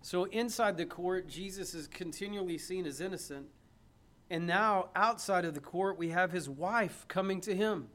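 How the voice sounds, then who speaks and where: A man's voice: sits high, moderate pace, a bit bright. A man preaching an emphatic sermon, reading scripture aloud and putting rhetorical questions to his listeners.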